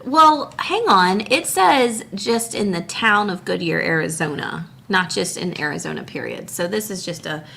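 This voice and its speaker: Bright-voiced teasing female co-host. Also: on the low side, expressive, vocal fry. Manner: teasing, quick to laugh. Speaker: podcast co-host. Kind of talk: casual chat.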